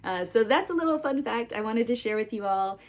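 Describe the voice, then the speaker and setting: Chatty woman with a high voice. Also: animated, a little fast. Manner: chatty, rambling with asides and fillers. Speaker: vlogger. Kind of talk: casual storytelling to camera.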